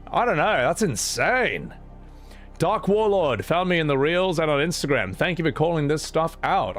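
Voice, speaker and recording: A man's voice: medium pitch, fairly bright tone. A man, casually chatting on a live stream and reacting with exclamations and stammering restarts.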